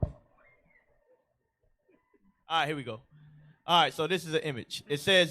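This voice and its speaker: A man's voice: a little high, unhurried, long pauses, sharp tone. A man reading texts aloud to the class from away from the microphone. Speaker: class reader. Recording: voice from far off the mic.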